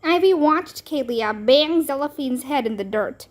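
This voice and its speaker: A woman reads a children's chapter book aloud in slow, expressive narration. Her voice sits high and moves with lively swings. She takes her time over every line. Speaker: storybook reader.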